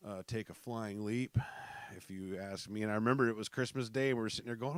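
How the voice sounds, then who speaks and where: Chatty low-voiced man hosting a podcast. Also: steady tone, quick pace, no echo. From South Dakota. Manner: rambling, chatty, many fillers and restarts. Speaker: podcast host. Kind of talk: casual solo podcast chat.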